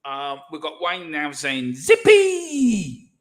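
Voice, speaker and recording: A man co-hosting a casual sports livestream, jokey and energetic, with a sore throat. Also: fairly high pitch, moderate pace. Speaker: livestream co-host.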